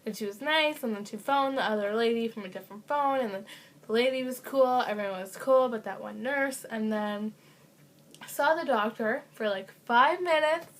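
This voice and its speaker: A young woman vlogger tells a casual storytime at a moderate pace, her voice fairly high. She's chatty, full of fillers and sarcastic asides, and coughs now and then.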